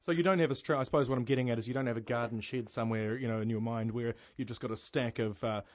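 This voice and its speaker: A man interviewing a guest on radio, asking quick, laughing questions. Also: mid-range voice, fairly even intonation, slight background noise. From New Zealand.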